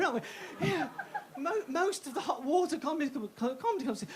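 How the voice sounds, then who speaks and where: A woman's voice: high voice, lively intonation, brisk. A woman comedian with a posh-sounding voice doing a live stand-up set, self-mocking, swearing freely, stumbling over and repeating words. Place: comedy club stage. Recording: live club recording with crowd noise. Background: audience laughing.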